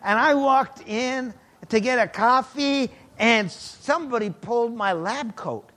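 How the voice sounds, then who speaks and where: A middle-aged man preaching, his voice sitting high for a man. He tells a personal story in sermon style, lively and animated, rising to loud exclamations and dropping to hushed asides. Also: measured pace.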